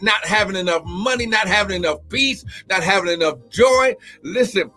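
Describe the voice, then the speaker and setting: A man preaching and praying fervently in a live-streamed sermon, often shouting and whooping and breaking into tongues. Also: sits high, normal speed, few pauses, soft background music.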